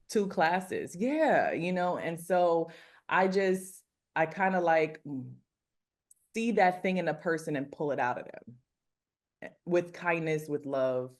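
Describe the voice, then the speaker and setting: Woman, low voice, earnest and rambling, casual interview guest. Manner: earnest, rambling, frequent fillers. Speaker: celebrity makeup artist and mentor. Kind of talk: casual faith-focused interview talk.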